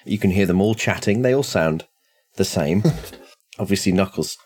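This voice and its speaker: A man's voice: low voice, normal speed, a little mellow, husky. A man narrating a tabletop horror game as game master, with hesitations and fillers.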